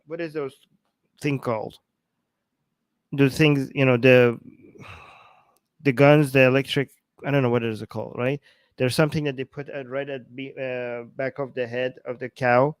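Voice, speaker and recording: Halting man in casual news chat. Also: mid-range voice, clear, resonant tone, no echo. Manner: halting, restarts often, searches for words. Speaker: co-host of a news commentary show.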